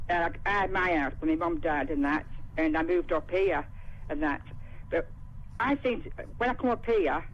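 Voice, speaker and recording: Rambling Cockney woman on a phone-in. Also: on the low side. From London. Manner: rambling, full of "and that". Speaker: caller. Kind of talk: casual phone-in chat. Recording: dull phone line with faint noise.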